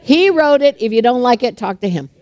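An older woman preaching a sermon to a congregation, fast-talking, chatty and humorous, often laughing between points. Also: on the high side, lively intonation, darkish tone.

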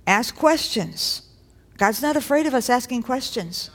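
Woman pastor, slightly high voice, chatty sermon delivery with lively exhortations to the church. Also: measured pace. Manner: conversational preaching with rising exhortations.

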